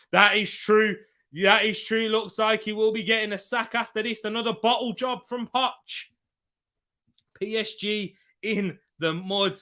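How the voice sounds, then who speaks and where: High bright-voiced guy hosting a football watchalong from his room, hyped commentary and reading chat. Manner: excitable, reacts loudly and reads out viewer comments. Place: room at home.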